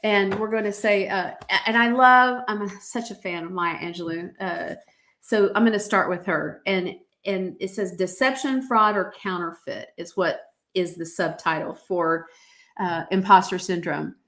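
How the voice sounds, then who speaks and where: A woman's voice: on the low side, steady tone, normal speed, a bit bright. A woman hosting a motivational podcast, reading from her own journal with emphatic, preacher-like exhortations and frequent fillers. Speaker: podcast host.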